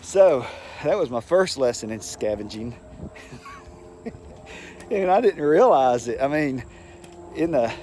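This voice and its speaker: A man's voice: medium pitch, lively intonation, slow, pauses often, warm tone, a little hiss or hum. An older man, a retired teacher, telling rambling stories in a casual monologue and acting out the people he quotes. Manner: rambling, folksy anecdotes with acted-out quotes.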